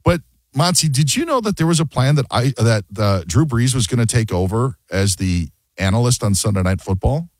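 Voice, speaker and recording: A man's voice: medium pitch, brisk, no echo. A man hosting a sports radio show, chatting casually and joking, often acting out quotes. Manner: animated, jokey, acts out quotes.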